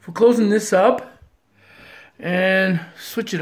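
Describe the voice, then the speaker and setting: Indoors, a pinball hobbyist shows off a repaired machine in a casual vlog, thinking aloud and bursting into excited exclamations. The voice sits at medium pitch and moves a little slowly.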